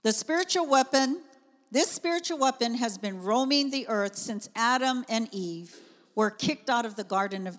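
A middle-aged woman preaches to her congregation, talking in an easy, animated way with personal asides. Her voice sits a little high. The sound rings out with the long reverb of a church hall. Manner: conversational, animated storytelling with asides. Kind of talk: sermon.

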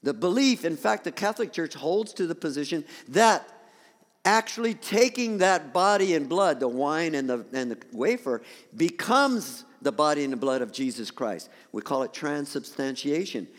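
A male pastor preaching a sermon in a church, animated with rising emphatic peaks. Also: a little high, moderate pace, big-room sound. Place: church sanctuary.

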